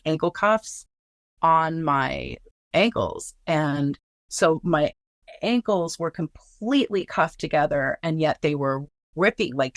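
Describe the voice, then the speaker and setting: Low-voiced woman telling a story bluntly. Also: no room sound, clean studio sound. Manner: casual, blunt, swears freely, many "like" fillers. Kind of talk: first-person storytelling.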